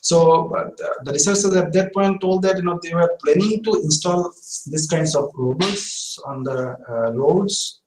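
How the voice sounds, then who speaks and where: A man's voice: fairly high pitch, normal speed, a little mellow, slight background noise. A man tells a story at a lecture, using many fillers as he speaks. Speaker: participant in academic talk. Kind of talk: conversational comment at a lecture. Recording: echoey room on video call.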